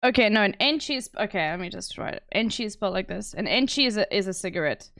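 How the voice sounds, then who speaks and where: A woman's voice: mid-range voice, lively intonation, fast, vocal fry, fairly bright tone, dry recording, clean studio sound. A woman streaming, chatting casually and laughing often. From South Africa. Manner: giggly, chatty, laughs a lot. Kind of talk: casual chat.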